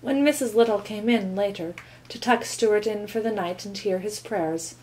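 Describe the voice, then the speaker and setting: A woman reading a children's novel aloud with calm, expressive storytelling. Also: medium pitch, normal speed, slight background noise, rough recording. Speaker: reader.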